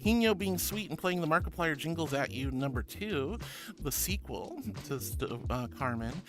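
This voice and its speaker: A man's voice: on the high side, animated, normal speed. A man streaming and reading his chat aloud, affectionate and playful, calling viewers sweetie and honey and shrugging off compliments. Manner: playful, self-deprecating. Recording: loud music behind the voice.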